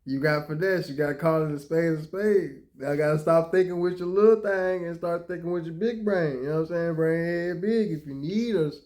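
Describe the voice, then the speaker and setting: A man's voice: a little high, a little fast, few pauses, darkish tone. A man giving reaction commentary, blunt and joking, full of slang.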